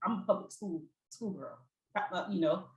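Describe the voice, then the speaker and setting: A woman's voice: lowish voice, animated, moderate pace, roomy sound, low-quality recording. A woman co-hosting an interview, speaking emphatically and repeating her points in casual conversation. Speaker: co-host.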